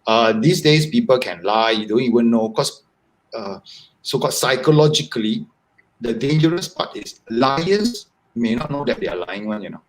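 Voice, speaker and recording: A man, a guest on a live video-call interview, explaining at length in an animated, repetitive way. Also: medium pitch, normal speed, a little hiss or hum, rough recording. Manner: animated, repetitive, talks in long explanatory runs. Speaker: guest author.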